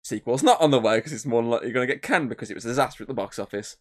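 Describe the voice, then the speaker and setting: Racing along in a mid-range voice, a man co-hosting a podcast rambles through casual chat. He swears often and leans heavily on filler words.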